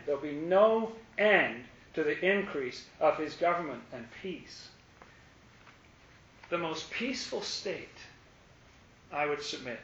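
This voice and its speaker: A man preaching a sermon in an animated, emphatic way, sometimes acting out voices. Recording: roomy, dull audio with faint rumble.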